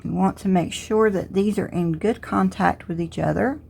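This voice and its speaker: A woman's voice: mid-range voice, normal speed, vocal fry, breathy edge. A middle-aged woman with a Southern US accent who talks through a crafts tutorial step by step and thinks aloud as she works. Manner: relaxed, thinking aloud while working. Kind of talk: casual step-by-step tutorial narration.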